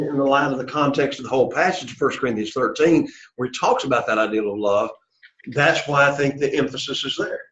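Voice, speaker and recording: A man teaching a Greek class, explaining at length and often checking in with "okay" and "all right.". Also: mid-range voice. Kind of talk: classroom lecture. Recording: echoey classroom, dull lo-fi sound.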